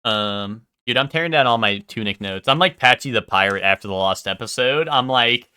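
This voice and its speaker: A young man streaming live and chatting casually with his viewers, rambling, swearing freely and filling pauses with "um". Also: mid-range voice, sharp tone, clear, resonant tone, no echo. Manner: rambling, swears a lot, full of ums.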